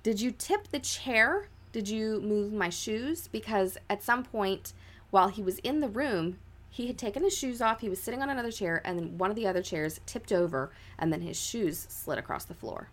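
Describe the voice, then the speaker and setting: Animated and fairly quick, her mid-range voice carries a ghost story told on the podcast she co-hosts. The young adult woman keeps it casual, peppering it with "like" and acting out quotes dramatically.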